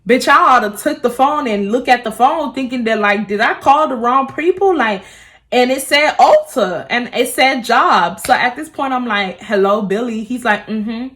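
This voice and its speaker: Animated young woman telling a storytime. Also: high voice, normal speed. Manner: animated, profane, acts out quotes. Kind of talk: casual storytime vlog.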